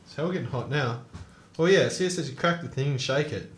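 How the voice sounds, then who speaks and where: A young man hosting a casual podcast chat. He gets excited, swears a lot and laughs often. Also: mid-range voice, a little fast. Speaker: podcast host. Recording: roomy echo.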